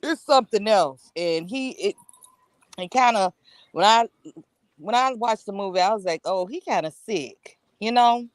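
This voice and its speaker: A woman's voice: medium pitch, moderate pace, pauses often. Rambling woman in casual chat. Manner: rambling, full of fillers.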